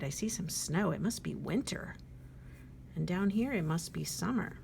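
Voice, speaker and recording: A woman librarian reading a picture book aloud at storytime, animated and asking the children questions. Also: medium pitch, unhurried, vocal fry, a little hiss or hum.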